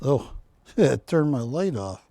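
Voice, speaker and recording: A man's voice: medium pitch, big pitch swings, slow, dark tone, dry recording. A man hosting a live shopping channel broadcast, selling art with chatty, jokey banter from a studio. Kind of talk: live TV sales pitch.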